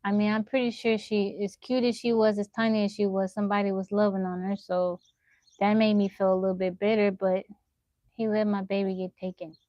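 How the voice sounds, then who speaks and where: A woman's voice: mid-range voice, fairly quick, no room sound, muffled recording. Chatty woman streamer telling stories. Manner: animated storytelling, laughing often, talking to chat. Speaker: livestreamer. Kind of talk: casual live-stream chat. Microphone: phone.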